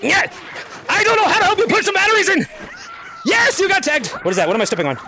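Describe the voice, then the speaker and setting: Male VR streamer, very high and lively, shouty and hyped, laughs a lot, headset mic at home. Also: fast, noisy background. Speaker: VR game streamer and lobby host. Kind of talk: excited live gameplay commentary. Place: at home playing in VR.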